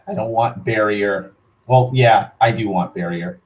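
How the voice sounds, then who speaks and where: A man's voice: fairly low pitch, slow pace, muffled recording. A young man giving let's play commentary, muttering and swearing as he plays. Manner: swearing, muttering reactions to the game. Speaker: gaming channel host.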